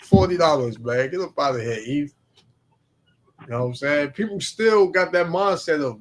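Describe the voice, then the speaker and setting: A man hosting a relaxed talk stream, drawling with lots of fillers. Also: a little high, moderate pace. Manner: laid-back, drawling, many fillers. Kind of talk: casual chat and scripture reading.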